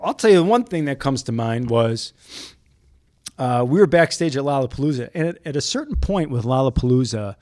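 Animated man telling a story. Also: mid-range voice, brisk, no echo, studio quality. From Chicago South Side. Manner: animated, emphatic, indignant storyteller. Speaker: guest, TV news cameraman. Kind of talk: storytelling anecdote in an interview.

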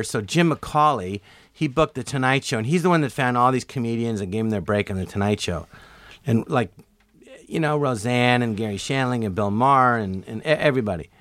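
A middle-aged man telling stories as a comedian guest in an interview, acting out quotes with sudden jumps in pitch. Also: moderate pace, fairly bright tone, no echo. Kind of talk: storytelling interview.

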